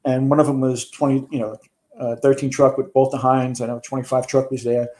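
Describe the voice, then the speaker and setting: Older New man, mellow voice. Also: mid-range voice, level tone, brisk. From New York. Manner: rambling with frequent restarts and swearing. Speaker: retired fire chief guest. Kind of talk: casual storytelling interview.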